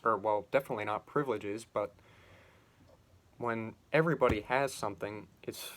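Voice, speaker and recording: A man's voice: fairly low pitch, normal speed, fairly bright tone. A man giving reflective commentary on a classic novel, musing aloud in loose phrasing with frequent restarts. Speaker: literature commentator.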